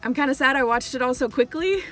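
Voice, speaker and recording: A woman's voice: high voice, quick pace, pushed and bright, faint music behind. A young woman giving a casual, chatty spoiler recap of a TV series, full of "like" and dramatic asides. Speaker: TV show reviewer.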